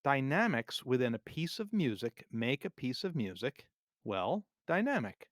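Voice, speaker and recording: A man teaching music theory for drummers in a scripted, measured, clearly explained lesson narration. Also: medium pitch, very animated, dry recording, clean studio sound. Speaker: drum teacher.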